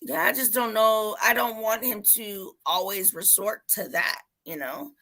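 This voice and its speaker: A mother in casual chat, telling an animated story and acting out her son's voice. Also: mid-range voice, a little slow.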